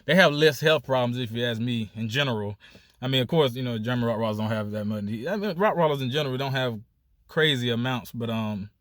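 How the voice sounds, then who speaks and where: A man's voice: medium pitch, fairly quick, dry recording, clean studio sound. Emphatic casual Southern man vlogging. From United States. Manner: loose, repetitive, emphatic with "period" and "you know". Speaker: dog breeder and vlogger. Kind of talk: casual talking-to-camera vlog.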